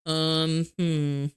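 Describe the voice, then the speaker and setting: A woman's voice: low-pitched, clean tone, dry recording, studio quality. A young woman streamer chatting casually with her viewers, laughing often and swearing freely.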